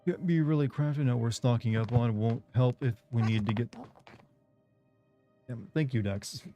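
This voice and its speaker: A man hosting a game stream, chatting in a relaxed way and thinking aloud as he plays. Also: medium pitch, brisk, muffled recording, soft background music. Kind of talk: casual gameplay commentary.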